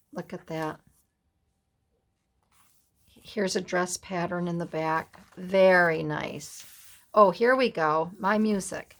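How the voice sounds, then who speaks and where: A woman from the USA hosting a casual craft flip-through, softly gushing over each page. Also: mid-range voice. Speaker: craft vlogger.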